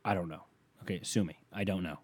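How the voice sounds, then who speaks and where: A man's voice: low-pitched, steady tone, fast talker, breathy edge. A man doing a rambling, profane stand-up rant, talking casually and losing his thread at times. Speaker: comedian.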